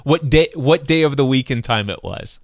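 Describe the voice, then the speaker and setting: A man's voice: medium pitch, normal speed, dry recording, clean studio sound. A man hosting a podcast, telling stories with enthusiasm, acting out sounds and voices, and often restarting his sentences. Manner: animated, acts out sounds and voices in anecdotes; frequent restarts and stumbles. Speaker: podcast host. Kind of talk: excited conversational storytelling.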